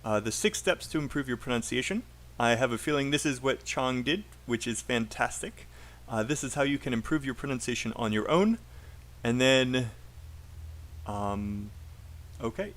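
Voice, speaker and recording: A man with a British accent teaching a live online IELTS class, patiently drilling sentences aloud and encouraging students. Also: medium pitch.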